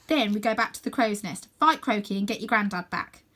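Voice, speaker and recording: A woman reading a storybook aloud and voicing a bossy young girl who leads a gang, giving brisk orders. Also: medium pitch, expressive, fairly bright tone.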